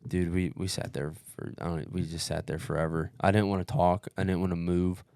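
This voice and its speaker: A young man with a very low voice tells a story in loose, profane podcast chat. He is animated and calls everyone "dude". The sound is dry and close. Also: brisk, vocal fry, dry recording. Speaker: podcast guest recounting an ultramarathon.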